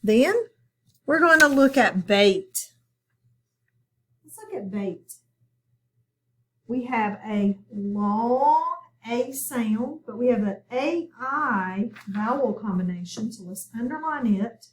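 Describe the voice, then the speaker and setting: A woman teaching a phonics lesson in a recorded video, slow and patient, often checking in with her students. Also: fairly high pitch, expressive, a bit bright. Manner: slow, patient, instructive with repeated prompts. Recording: distant mic with background noise.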